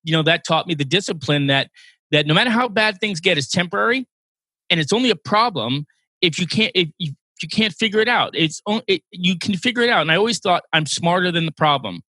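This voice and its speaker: Podcast host, male, 60s, bright pitched-up voice, earnest storyteller, dry close sound. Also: expressive, fairly quick, dry recording. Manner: earnest storytelling, emotional at times. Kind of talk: casual interview chat.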